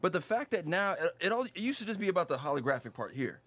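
A man co-hosting a casual podcast who explains things at length in a relaxed way. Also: sits high, fast, dry recording. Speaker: podcast co-host. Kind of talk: casual chat.

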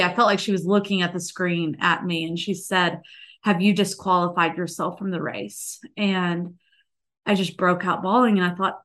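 A woman's voice: medium pitch, fairly bright tone. A woman, likely in her thirties, telling a guest in an interview her emotional personal faith story, earnest and full of restarts. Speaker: podcast guest.

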